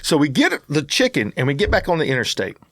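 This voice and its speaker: A man's voice: on the high side, fast, dry recording, clean studio sound. A man, co-hosting a podcast and telling a story in casual chat. He acts out the people he quotes. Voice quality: animated storyteller who acts out quoted voices. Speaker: podcast co-host.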